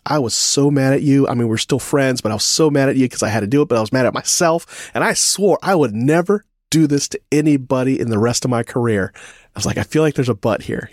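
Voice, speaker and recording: Guy telling a lively army story, acting out the quotes, mid pitched voice, dry mic. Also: dry recording. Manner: animated storyteller, acts out quotes, laughs often. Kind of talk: casual storytelling chat.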